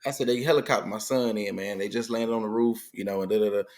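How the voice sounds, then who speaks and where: Low-voiced and fast, a middle-aged man recounts a story as a guest in casual conversation. He brings it to life by acting out what each quoted person said.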